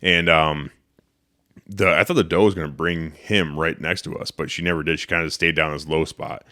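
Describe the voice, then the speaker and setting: A man's voice: very deep voice, moderate pace. A man hosting a podcast, telling a story casually and animatedly, swearing and acting out what he said. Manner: animated, profane, acts out his own quotes. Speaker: podcast host.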